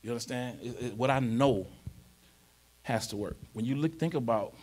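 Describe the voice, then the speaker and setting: A man's voice: mid-range voice, moderate pace, breathy edge. A man preaching a conversational sermon in a church, often asking the congregation whether they follow him and growing more emphatic as he reads scripture. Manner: informal, repeatedly checks in with the congregation; rises to emphatic, louder delivery when reading scripture. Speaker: pastor.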